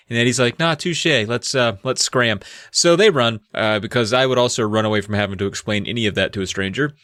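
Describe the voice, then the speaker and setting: A man's voice: mid-range voice, a little fast, few pauses, a bit bright, no room sound. A man co-hosting a podcast, recapping a book in a laid-back, joking way and swearing freely. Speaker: podcast co-host. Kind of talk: casual chat recapping a book.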